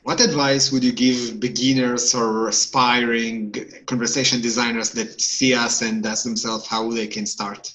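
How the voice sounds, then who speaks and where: A male host with an ordinary mid-range voice, asking questions in a relaxed interview. He sounds friendly and openly encouraging toward his guest. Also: medium pitch, a little slow, few pauses, poor audio. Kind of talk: casual interview chat.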